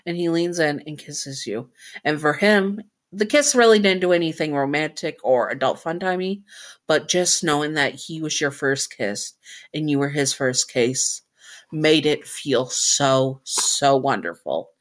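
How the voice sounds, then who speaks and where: A woman's voice: low voice, unhurried. A woman narrating a second-person fan-fiction story in a chatty style, with self-corrections and offhand asides.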